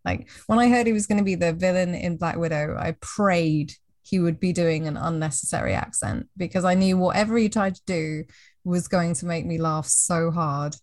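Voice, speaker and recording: A woman's voice: lowish voice, steady tone, normal speed, a little mellow, no room sound, clean studio sound. A woman co-hosting a casual podcast chat in a playful way, laughing easily as she talks. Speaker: podcast co-host.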